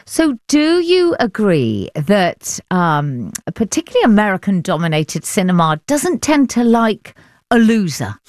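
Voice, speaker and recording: A woman hosting a radio arts program, presenting items and questioning a critic in an animated way. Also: medium pitch, unhurried, no echo, clean studio sound. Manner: animated, questioning, laughs easily. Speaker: radio arts show host. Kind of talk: broadcast presenting and interviewing.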